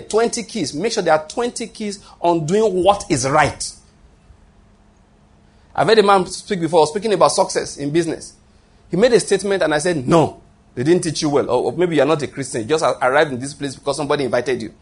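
A man's voice: sits high, breathy edge. A man preaching a sermon, emphatic and repetitive, often restarting his phrases.

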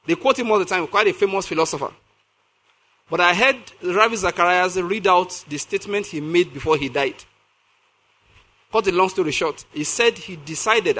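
Bright-voiced high male preacher. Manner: reads scripture slowly, then asks the congregation questions. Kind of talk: sermon.

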